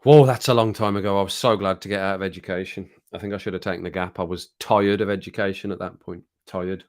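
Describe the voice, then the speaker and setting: A middle-aged man from the English Midlands, speaking with his local accent in a lowish voice. He chats casually to viewers on a home livestream, rambling from one thing to the next and chuckling along the way. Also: steady tone, quick pace. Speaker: livestream host. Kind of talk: casual chat with live viewers. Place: home streaming room.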